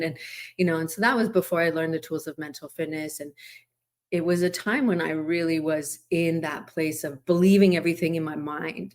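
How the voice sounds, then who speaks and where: A woman's voice: low voice, darkish tone. Candid middle-aged woman telling her story. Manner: candid, reflective, conversational with fillers. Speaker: podcast host. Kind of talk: personal storytelling podcast. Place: lives in Hawaii.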